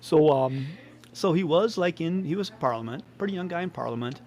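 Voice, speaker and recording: A man's voice: a little high, expressive, fairly quick, darkish tone. A man co-hosting a podcast, rambling through a story in casual chat and laughing often. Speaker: podcast co-host.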